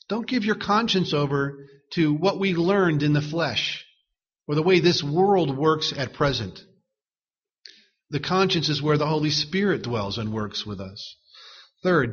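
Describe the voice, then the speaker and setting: A man preaching a sermon in an earnest manner, reading out commentary quotes slowly. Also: a little high, expressive, fairly bright tone, breathy edge, lo-fi sound.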